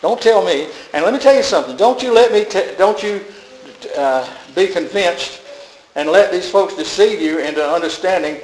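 A man with a high voice preaching a sermon, emphatic, often doubling back and repeating himself. The sound carries a roomy echo, as if from a church sanctuary. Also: normal speed, slight background noise.

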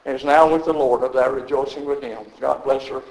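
A man's voice: mid-range voice, fairly even intonation, fairly quick, a little mellow, roomy sound, rough recording. An older man preaching a sermon as pastor, telling stories in a folksy way with frequent chuckles. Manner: storytelling, folksy, chuckles often. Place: church sanctuary.

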